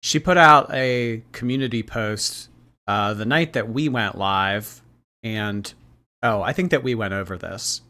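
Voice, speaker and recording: A man's voice: lowish voice, a little slow, pushed and bright. A man hosting a casual livestream, reacting to clips and thanking viewers by name. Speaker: livestream commentary host.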